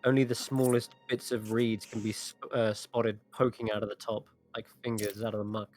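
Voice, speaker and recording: A man's voice: lowish voice, little pitch movement, moderate pace, a little mellow, faint music behind. Man narrating as dungeon master. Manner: descriptive narration with frequent restarts and fillers. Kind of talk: narrating a tabletop game.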